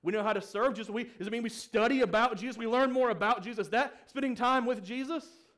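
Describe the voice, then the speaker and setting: A young male pastor with a high voice preaches a sermon. He asks the congregation questions and raises his voice when he acts out the quoted pleas. His delivery rises and falls with emphasis. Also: quick pace, fairly bright tone.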